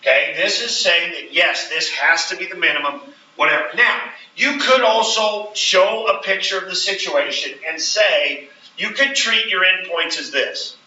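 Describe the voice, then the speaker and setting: Male teacher lecturing to a class, checks in often. Sharp, bright voice, miked from afar in an echoey room. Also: high-pitched, moderate pace, a little hiss or hum. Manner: explains step by step, checks in with frequent "right?". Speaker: math teacher. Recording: roomy, distant, dull classroom recording.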